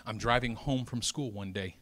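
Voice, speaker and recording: A man delivering a sermon with a bright, forceful edge to his voice. He tells his story dramatically, sinking to hushed whispers at one moment and rising to loud, excited exclamations the next. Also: medium pitch, moderate pace. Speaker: preacher.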